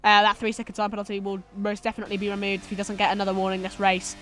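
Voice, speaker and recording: A man's voice: sits high, monotone, racing, fairly bright tone, slight background noise. A man commentating a sim racing league, teasing his co-host and calling the action. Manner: banter, bossy teasing of co-host. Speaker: race commentator.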